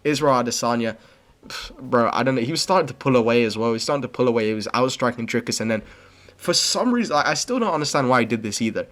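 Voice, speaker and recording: Young male host, casual slangy recap, blunt opinions, average-pitched voice. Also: expressive, fast talker, fairly bright tone. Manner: rambling, slangy, says "bro" and "okay" constantly. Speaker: MMA commentary channel host.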